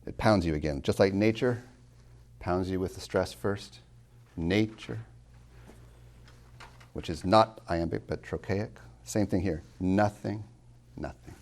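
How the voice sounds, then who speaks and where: A man lecturing on poetry as a college tutor. He slows down to stress key words, swings from loud to near-whispered, and drops wry asides to his students. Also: deep voice. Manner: dramatic swings in loudness, drops to near whispers when savoring lines; slow, deliberate emphasis on key words.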